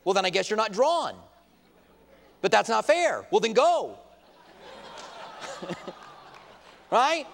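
Male pastor, high-pitched, passionate pulpit delivery with emphatic peaks, recorded with hall reverb. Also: big pitch swings, slow, gravelly, pauses often, fairly bright tone. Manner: impassioned, rising to emphatic outbursts, quotes opponents in mock voices. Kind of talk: sermon. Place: church sanctuary at a pulpit. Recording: long reverb of a large hall.

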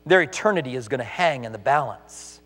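A man preaching a sermon as a pastor, animated, acting out the voices he quotes. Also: medium pitch, brisk, in a large hall.

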